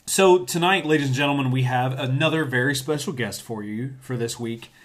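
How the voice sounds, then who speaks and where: A man's voice: medium pitch, a little fast. A man hosting a casual podcast, joking and giving mock-formal introductions. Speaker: podcast host.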